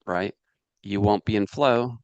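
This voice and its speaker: A man teaching a business course in a casual, animated way, often checking in with the listener. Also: fairly low pitch, unhurried, dry recording, muffled recording. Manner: animated, asks "does that make sense" and "right" often; acts out inner voices and his dog.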